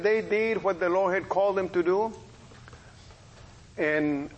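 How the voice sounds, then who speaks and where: A middle-aged preacher who is also a police officer shares a testimony during a sermon, spinning it as a folksy story full of lively quoted dialogue. His voice sits high, and the recording is rough.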